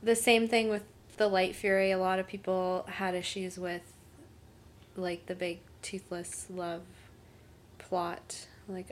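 A young woman in casual chat with friends, talking fast with many "like"s and acting out what people said. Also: lowish voice, flat delivery, slight background noise. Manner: chatty, lots of "like", acts out quotes.

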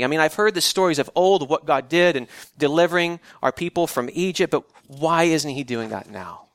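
A man's voice: fairly high pitch, normal speed, few pauses, a bit bright, no room sound. Conversational preacher man, dry sound. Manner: conversational preaching with frequent restarts. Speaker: pastor. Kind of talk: sermon.

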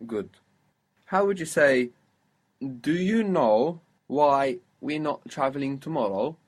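A man leads a spoken language lesson with a patient, encouraging manner. His voice has a slight husky edge at an ordinary middle pitch. He asks questions, waits for answers and repeats phrases slowly. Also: animated. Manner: patient, prompting questions, slow model phrases. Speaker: language teacher.

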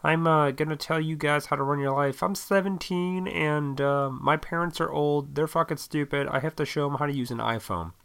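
A man putting on a high, mocking voice of a smug, whiny teenage boy activist. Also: normal speed, creaky, hardly any pauses, fairly bright tone, smooth.

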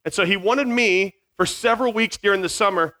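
Man, 40s, high bright voice, camp speaker wandering off on silly tangents for middle schoolers. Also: fairly quick. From Virginia. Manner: scattered, self-mocking, jumps between tangents. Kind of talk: joking talk to middle schoolers. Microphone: headset mic.

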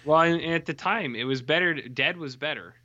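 A man's voice: a little high, fairly quick, bright, forceful tone. A man chatting casually about a film, adding dry, wry remarks. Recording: dull, slightly lo-fi sound.

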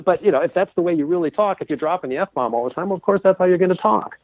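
Fast-talking man on a tinny line. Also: sits high, no room sound. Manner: brisk storyteller who acts out quoted students. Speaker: podcast guest, comedy coach and author. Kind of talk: casual interview chat. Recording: tinny phone-like remote line.

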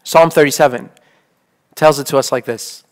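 A man's voice: on the high side, steady tone, moderate pace. A man in his thirties, a priest, giving a conversational sermon full of "like" and "okay?". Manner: casual, peppered with "like" and "okay?".

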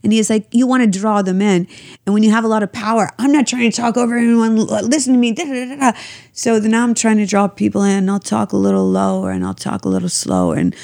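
A woman's voice: medium pitch, fast talker, vocal fry, a little mellow, dry recording, clean studio sound. A woman talking candidly in a casual conversation, rambling, swearing freely and laughing often. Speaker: guest.

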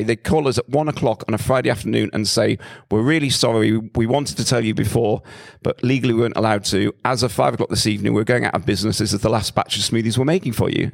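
A middle-aged man, a company founder, telling his story in a lively, self-mocking way with frequent restarts. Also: medium pitch, creaky. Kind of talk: conversational storytelling talk.

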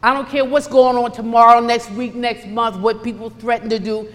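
A woman preaching a sermon, emphatic and animated, swinging between loud bursts and hushed asides. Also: a little high, moderate pace, few pauses, in a large hall.

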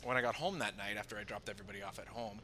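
A man telling a story on a podcast in casual chat, animated, with many restarts and a lot of swearing. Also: lowish voice, very fast, a little hiss or hum. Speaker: podcast co-host.

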